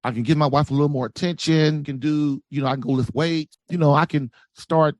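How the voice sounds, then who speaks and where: Preachy male advice-giver, lively delivery, raised pitch, dry recording. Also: a little fast, no room sound. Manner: preachy, acts out quoted voices. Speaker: podcast guest, relationship coach. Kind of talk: animated advice talk.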